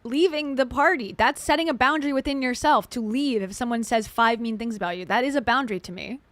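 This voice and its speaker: A woman's voice: a little high, fast talker, fairly bright tone, no echo. A woman hosting a reaction commentary, talking in a wry, skeptical way. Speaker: commentary host.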